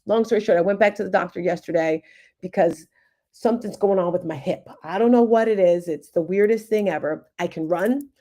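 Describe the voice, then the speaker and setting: A woman in her fifties hosts a casual group livestream, chatting and telling stories with an animated, playful manner. Her voice sits a little low and sounds mellow and warm. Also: a little fast. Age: 50s. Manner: chatty, animated storytelling with laughs. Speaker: livestream host, confidence coach.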